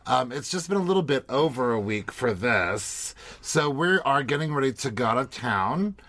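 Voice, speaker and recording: A man hosting a casual podcast chat, chatty and quick to laugh, given to rambling asides. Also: medium pitch, expressive, fairly bright tone, no room sound. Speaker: podcast host.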